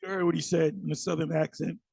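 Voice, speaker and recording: A man giving a casual religious commentary. He talks loosely and restarts often, and he slows down when he reads scripture aloud. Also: fairly high pitch, little pitch movement, gravelly, mellow, breathy edge, no echo. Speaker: religious elder and teacher.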